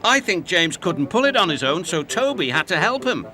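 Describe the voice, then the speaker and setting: A man's voice: high-pitched, big pitch swings, moderate pace. A middle-aged man narrating a children's storybook, doing all the character voices himself. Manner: warm storyteller, voicing every character. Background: music.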